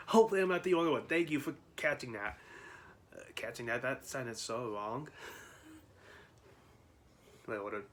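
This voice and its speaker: A man talks straight to his viewers in a loose, rambling way, breaking into laughs and restarting his sentences. His voice sits at an ordinary middle pitch, with a faint hiss of noise under the recording. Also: lively intonation, a little slow, pauses often. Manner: rambling, laughs often, many restarts and fillers. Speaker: vlogger. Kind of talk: casual chat to camera.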